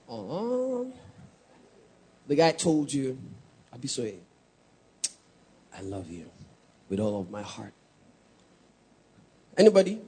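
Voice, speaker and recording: A man preaching a sermon, teasing the congregation and building to shouted emphasis. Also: on the high side, husky. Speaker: pastor.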